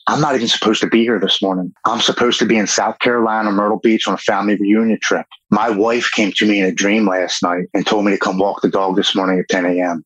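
A man's voice: lowish voice, fairly bright tone, husky, no room sound, low-quality recording. A man, telling his own story in an earnest, plain-spoken way and acting out what he once said. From Baltimore, Maryland. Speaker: podcast guest telling his recovery story. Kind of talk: personal storytelling.

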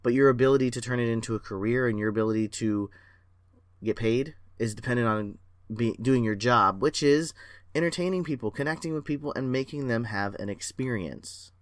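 A man hosting a solo podcast as a performance coach, excitable and rambling, talking in a self-aware way. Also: medium pitch, brisk, no echo, studio quality.

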